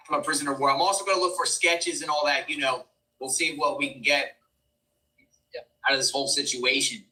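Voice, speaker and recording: A man hosting a live news stream, reading courtroom updates aloud, halting and stumbling over words with excitable asides. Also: a little high. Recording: distant mic with faint background noise.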